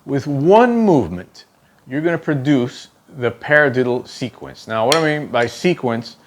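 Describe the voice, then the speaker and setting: A man's voice: mid-range voice, very animated, normal speed. Male drum instructor with a mid-range voice. Patient, talks through each step, counts beats aloud and checks in with "okay?". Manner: explains step by step, ends phrases with "okay?"; counts aloud while demonstrating strokes. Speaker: drum teacher. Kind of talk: instructional demonstration.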